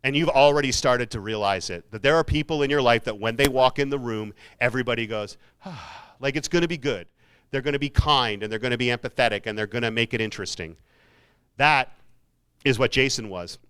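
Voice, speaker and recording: Man, motivational speaker, casual and joking, forceful bright voice, dry close sound. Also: medium pitch, a little fast, clean tone, no echo. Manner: casual and jokey, with self-mocking asides. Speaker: keynote speaker. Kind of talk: motivational talk to students. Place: university hall.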